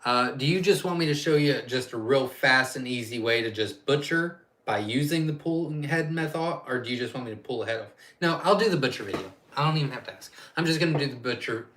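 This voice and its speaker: A man's voice: medium pitch, fairly quick, hardly any pauses, fairly bright tone. Chatty man hosting a live Q&A. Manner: chatty and rambling, reads viewer questions aloud and answers off the cuff. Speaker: quail farm owner hosting a live Q&A. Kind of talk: casual live-stream Q&A.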